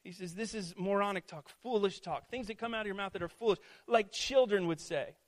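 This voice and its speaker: A pastor in his thirties preaches his sermon in a chatty, direct way, checking in with "right?" and "okay?". His voice sits high for a man, and at the peaks he gets louder and higher in emphatic preaching. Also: a little fast. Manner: conversational preaching with frequent "right?" and "okay?" asides; rises to loud, high-pitched emphatic preaching.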